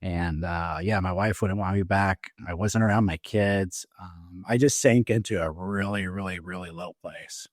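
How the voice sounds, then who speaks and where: A middle-aged man, an Army veteran, telling his own story as a podcast guest, in a halting way with many fillers and restarts. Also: low voice, no room sound, studio quality. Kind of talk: personal story told in an interview. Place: podcast studio.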